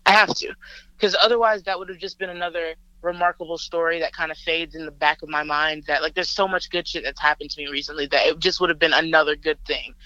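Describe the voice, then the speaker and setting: A woman from Alabama, a rapper and guest, telling a story over a phone call in a lively, chatty way, laughing often and using lots of filler words. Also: low voice, quick pace, dry recording.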